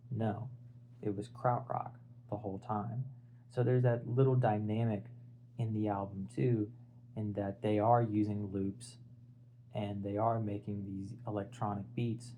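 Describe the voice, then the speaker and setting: Rambling young man with a low, flat voice. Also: slight background noise, rough recording. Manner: rambling, filler-heavy, restarts and searches for words. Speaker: music video essayist. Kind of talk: casual unscripted album talk.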